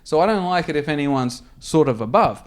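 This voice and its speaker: An Australian-accented man co-hosts a comedy podcast, telling crude, sweary anecdotes as an animated storyteller. His voice sits on the high side and runs a little fast.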